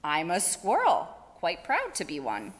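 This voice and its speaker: A cheeky young male squirrel, chirpy and proud of himself, as a woman puts him on while telling a story. The pitch leaps and bounces all over. It rings with the long reverb of a large hall. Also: wildly swooping pitch, measured pace.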